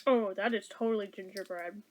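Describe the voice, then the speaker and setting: A woman's voice: medium pitch, steady tone, a little fast. A woman vlogger giving a casual taste-test review, chatty, sometimes talking while chewing.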